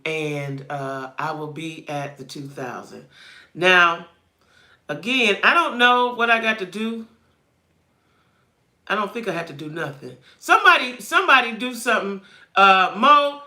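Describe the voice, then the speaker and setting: A woman hosts a casual live chat stream in a very bright, forceful voice. She talks straight to her viewers, greets them by name, and narrates her own fumbling with the stream settings as she goes. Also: on the low side. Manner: thinks aloud while fumbling with stream settings. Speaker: livestream host.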